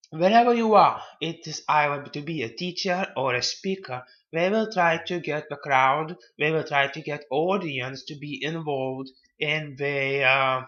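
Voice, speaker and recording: Male self-help presenter, slightly high voice, halting and repetitive delivery, dull lo-fi audio. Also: a bit bright. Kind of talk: casual advice talk.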